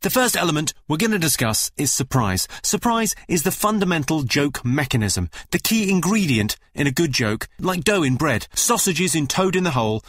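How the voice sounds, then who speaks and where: A man presenting a comedy radio show in a dry, deadpan scripted delivery from a studio microphone. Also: a little high.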